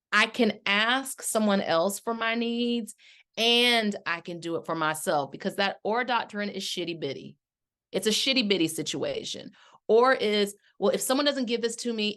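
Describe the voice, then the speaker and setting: A middle-aged woman, a life coach hosting her own podcast, telling a story with lively acted-out quotes and talking straight to her listeners as y'all. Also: medium pitch. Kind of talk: casual solo podcast talk.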